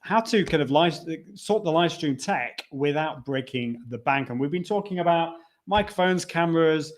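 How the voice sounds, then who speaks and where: A man's voice: a little high, lively intonation, normal speed. A man hosting a live stream, chatting casually with a guest and reading out viewer comments. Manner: chatty, restarts, reads out comments. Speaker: host.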